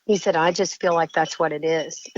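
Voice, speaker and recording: A woman caller telling a frightening encounter story in a shaken, halting way, often breaking off and restarting sentences. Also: low-pitched, steady tone, highs cut off. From Indiana.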